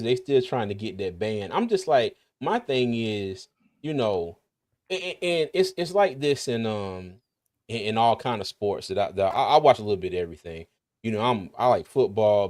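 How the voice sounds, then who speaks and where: A man's voice: on the low side, a little mellow. Man with a slight lisp, chatty. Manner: laughs often, rambling with restarts. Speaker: podcast host. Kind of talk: casual sports talk livestream.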